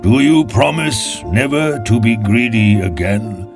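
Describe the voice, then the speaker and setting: A man voicing a huge stern male giant who thunders and booms. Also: very animated, drawn-out words, exaggerated voice. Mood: quiet stern. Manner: thundering, booming. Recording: faint music behind.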